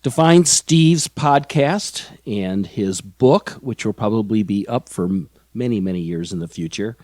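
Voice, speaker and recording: A man from Chicago hosts a sales podcast in an easygoing, conversational way, agreeing warmly with his guest. His voice is fairly low. The sound is close and dry. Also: lively intonation, unhurried, no echo. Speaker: podcast host. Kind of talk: podcast interview and closing remarks.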